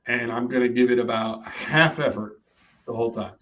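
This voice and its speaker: A man's voice: medium pitch, moderate pace, fairly bright tone, highs cut off. A man on a conversational podcast, explaining his points emphatically, step by step.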